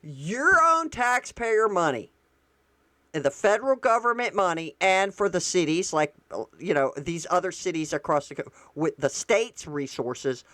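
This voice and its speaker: A woman's voice: mid-range voice, fairly bright tone, dry recording. A woman vlogging political commentary, reading excerpts aloud and reacting, heated and indignant, repeating lines for emphasis.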